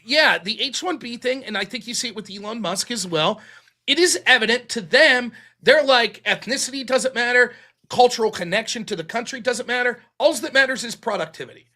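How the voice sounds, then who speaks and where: A man's voice: very high voice, a little fast, sharp tone. A man hosting a political call-in show, talking casually and profanely, rambling through stories as he retells what others told him.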